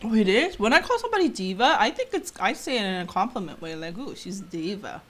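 A woman's voice: on the high side, wildly swooping pitch, quick pace. A mother in her thirties hosting a casual mukbang chat, chatty and teasing, laughing often. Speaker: channel host and mother.

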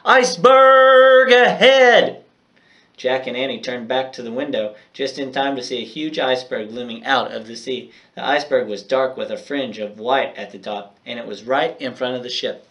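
A man's voice: mid-range voice, steady tone, fairly quick, distant mic, lo-fi sound. A male teacher with a mid-range voice reads a children's chapter book aloud to his class. He then goes over homework, speaking directly and encouragingly to his students.

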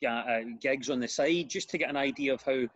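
A Glaswegian man chats as a podcast guest, animated and quick to restart his sentences. His voice sits at a medium pitch. The recording sounds a little dull and muffled. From Glasgow, Scotland. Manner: animated storyteller with frequent restarts. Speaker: guest comedian and radio presenter. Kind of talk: casual podcast chat.

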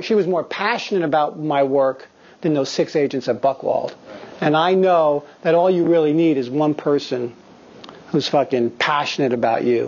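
A man in his fifties, a guest actor telling candid, profane stories to acting students in a studio. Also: fairly high pitch. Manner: profane, animated storyteller. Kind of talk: candid anecdotal talk. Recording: slightly dull lo-fi recording.

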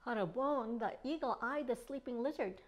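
A woman children's librarian reading a picture book aloud in an expressive storytime manner. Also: on the high side, moderate pace.

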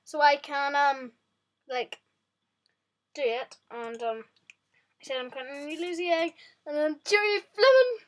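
Excitable high-voiced woman vlogger. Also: measured pace, pauses often. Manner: excitable, chatty, talks to viewers. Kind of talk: casual gameplay commentary.

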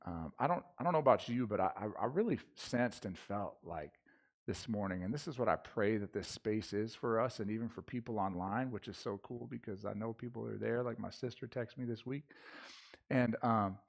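A man's voice: fairly low pitch, moderate pace, gravelly. A man preaching a casual sermon in church, talking loosely with slang and frequent restarts. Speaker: pastor. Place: church sanctuary.

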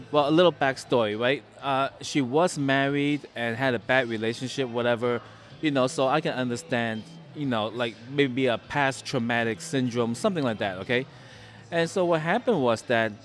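A man's voice: medium pitch, normal speed, soft background music. A man hosting a casual food vlog in a sports bar restaurant, chatting and rambling through anecdotes. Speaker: food and travel vlogger.

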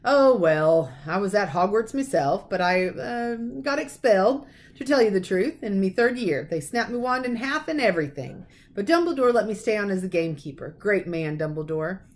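A woman voicing a huge, gruff but kindly male half-giant gamekeeper with rough folksy speech, read aloud from a storybook. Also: high voice, animated, moderate pace, hardly any pauses. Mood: sheepish.

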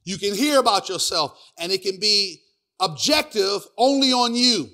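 Repeating "hear me" and "praise God" throughout, a middle-aged male pastor moves between soft asides and booming, sung preaching. His pitch sits high, his intonation is lively, and he speaks at a normal speed.

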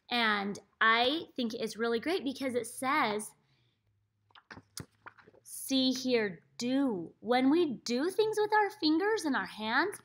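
A woman with a slightly high, a bit bright voice reads a phonics book to young children as their reading teacher. Using a laptop microphone, she dramatizes the letter sounds with large, playful leaps in her voice.

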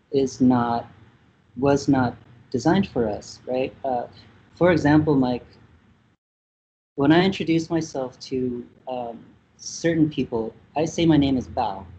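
Man from Vietnam in his thirties, warm mellow tone, reflective and halting, heard over a dull lo-fi call line. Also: mid-range voice, slight background noise. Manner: thoughtful, hesitant with many fillers. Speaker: musician guest. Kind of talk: casual interview talk.

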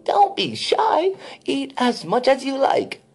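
Sweet-talking old storybook witch, way up high, voice leaps around, man doing her. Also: very animated, slow, vocal fry, soft background music, heavily acted. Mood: sweetly coaxing. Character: cackling old female witch, cruel.

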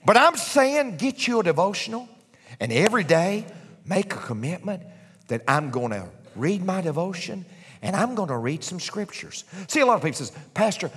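A man preaching a sermon as pastor, swinging from hushed whispers to shouts. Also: sits high, breathy edge. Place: large church sanctuary. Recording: long church hall reverb.

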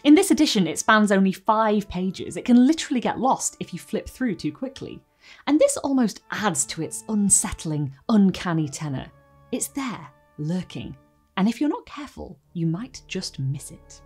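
Expressive woman reviewing a book. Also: medium pitch, moderate pace, husky, soft background music. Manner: expressive reading, lively quotes. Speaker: book video host. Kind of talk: book review and read-aloud.

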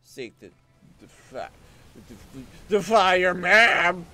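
A man's voice: lively intonation, takes it slowly, sharp tone. Sarcastic man streaming a game. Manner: sarcastic, swears, swings into goofy squeaky exclamations. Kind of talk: casual gameplay commentary.

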